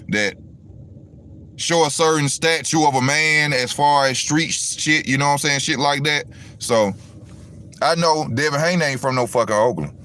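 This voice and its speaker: A man's voice: on the high side, sharp tone, smooth. A profane, rambling man ranting casually. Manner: casual, profane, rambling, talks to viewers directly. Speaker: boxing commentary host. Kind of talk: casual livestream rant.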